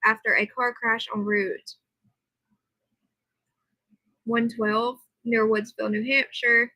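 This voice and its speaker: A woman's voice: fairly high pitch, little pitch movement, a little slow, sharp tone, dry recording, poor audio. A tired woman hosting a casual livestream, reading aloud and answering her viewers' comments. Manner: chatty, reads aloud and answers chat comments. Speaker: livestream host. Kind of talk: casual live chat with viewers. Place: at home.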